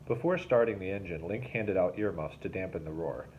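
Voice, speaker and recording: A man, a teacher, reading a novel aloud in steady, plain storytelling with small restarts. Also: low-pitched, fairly quick. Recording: slightly dull recording with faint hiss.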